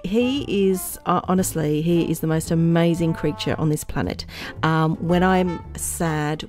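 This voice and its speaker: Middle-aged woman vlogger with a slightly low voice, rambling and playful, laughing at her own jokes, faint music underneath. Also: a little mellow. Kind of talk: casual chatty vlog.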